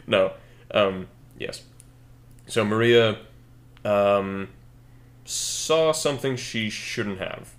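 A young man co-hosting a podcast, thinking a story out loud in casual chat with lots of fillers and self-corrections. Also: lowish voice, expressive, very slow, long pauses. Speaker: podcast co-host.

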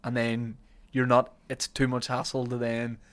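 This podcast host, a man with a Northern Irish accent, speaks at a mid-range pitch, slightly bright, in a completely flat and unhurried delivery. His talk is casual chat and ad reads, jokey and rambling, broken up by frequent laughter with his guests.

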